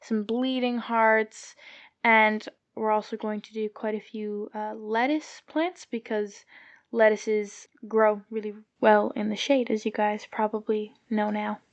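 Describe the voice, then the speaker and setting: A woman's voice: mid-range voice, level tone, a little slow, no room sound, dull audio. A young woman guest on a gardening podcast, answering questions in a plain, matter-of-fact way. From Southwestern Quebec. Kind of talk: casual podcast interview answers.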